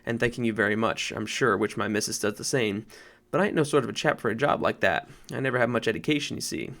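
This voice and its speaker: A man voicing a humble, plain-spoken London cabman with rough working-class speech in an audiobook. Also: medium pitch, fast, a bit bright, close to an everyday voice. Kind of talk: audiobook narration.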